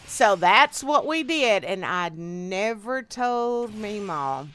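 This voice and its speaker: A woman streamer with a bright, sharp voice chats in a folksy, animated way as she plays. Her country drawl carries her homespun stories, told casually into a desk mic. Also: medium pitch, slow, slight background noise. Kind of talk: casual storytelling while gaming.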